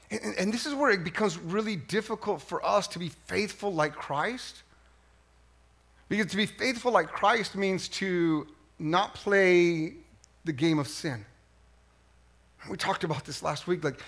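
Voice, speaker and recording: A middle-aged man preaching a sermon as pastor, animated and swinging from hushed lines to near yelling. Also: a little high.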